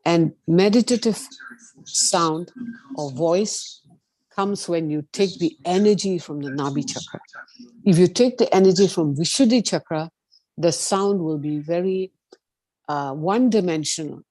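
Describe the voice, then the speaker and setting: A woman with a low, mellow voice guides an online meditation class, patiently explaining and sometimes singing long vowel tones. The sound is dry and close, as over a video call. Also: measured pace, no echo. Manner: gentle instructive, sings sustained vowel tones. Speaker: meditation teacher. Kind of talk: online meditation lesson with sung demonstrations.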